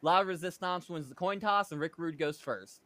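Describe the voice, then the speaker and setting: Bright high-voiced podcast narrator. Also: male voice, moderate pace, dry recording. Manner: casual, laughs at his own jokes. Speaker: podcast host. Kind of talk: narrating a fantasy wrestling show.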